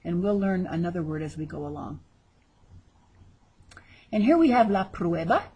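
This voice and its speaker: Speaking in a fairly low, animated voice that's a little mellow with a breathy edge, a Spanish teacher works through vocabulary at a moderate pace. Each word gets exaggerated repetition in the recorded lesson, with chatty asides tucked between drills.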